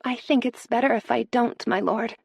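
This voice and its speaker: Woman doing a scarred young maid, tearful, pleading, defiant, higher voice, gravelly edge, dry close read. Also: moderate pace, darkish tone, no room sound.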